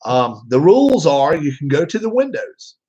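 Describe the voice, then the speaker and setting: A man's voice: a little high, sing-song, normal speed, warm tone. A man chatting casually to his viewers, rambling, with many fillers and restarts. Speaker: vlogger. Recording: dull lo-fi sound.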